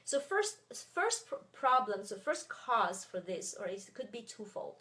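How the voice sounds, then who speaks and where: A woman's voice: mid-range voice, sing-song, measured pace, pushed and bright. A native French-speaking woman teaching an online webinar lesson, hesitant, with many fillers and self-corrections. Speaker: French tutor.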